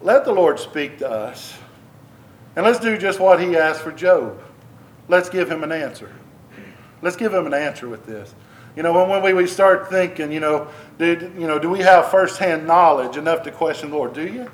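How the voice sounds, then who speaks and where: A man's voice: a little high, lively intonation, normal speed. A man preaching a sermon, earnest, with repeats and restarts that build into emphatic bursts. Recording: echoey room.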